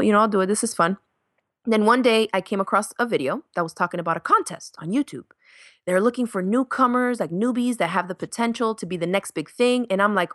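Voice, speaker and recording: A chatty woman in her thirties tells stories as a podcast guest, slipping into quoted voices with a laugh. Her voice sits at a middle pitch and sounds close and dry. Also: fast talker, fairly bright tone, no echo. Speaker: podcast guest, sewing YouTuber. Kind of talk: casual interview chat.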